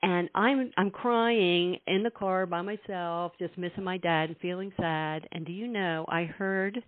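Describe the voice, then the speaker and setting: A woman's voice: on the low side, steady tone, unhurried, dry recording. A woman hosting an interview show, telling a heartfelt personal story. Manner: warm-hearted storyteller, emotional. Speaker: talk show host. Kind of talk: interview, casual chat. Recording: tinny dry phone-like line.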